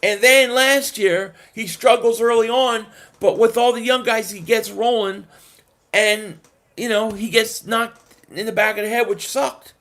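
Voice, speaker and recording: A man hosts a casual live stream and reads chat comments aloud. His voice sits high and he talks in an animated, emphatic way. He often stumbles and restarts his sentences. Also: measured pace.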